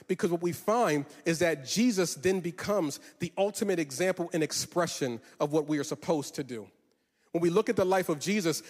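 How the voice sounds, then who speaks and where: A man with a high voice preaches, lifting his lines into a sing-song cadence and stretching words for weight. His voice rings with a long reverb off a large hall. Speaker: pastor. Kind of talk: sermon.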